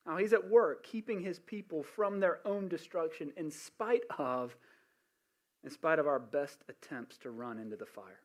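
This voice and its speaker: Man, high voice, preaching, animated storytelling, chatty asides. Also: moderate pace. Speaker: pastor. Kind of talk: sermon.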